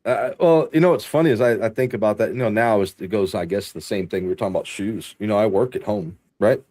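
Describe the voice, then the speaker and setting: A man from Texas hosting a podcast, telling long work stories in a casual, animated way, laughing often and swearing freely. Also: on the low side, fast. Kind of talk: casual storytelling chat.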